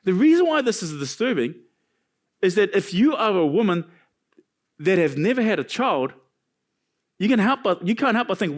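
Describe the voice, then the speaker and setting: A male pastor preaching a sermon in a church, animated and joking between points. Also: high voice, moderate pace, pauses often. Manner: animated preaching with jokes and asides.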